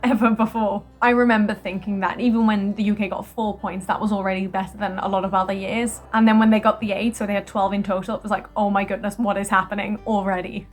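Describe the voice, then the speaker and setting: Chatty excitable young British woman vlogger. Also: medium pitch, fairly quick, few pauses, soft background music. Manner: chatty, excitable, frequent laughs and exclamations. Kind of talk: casual chat reading own notes.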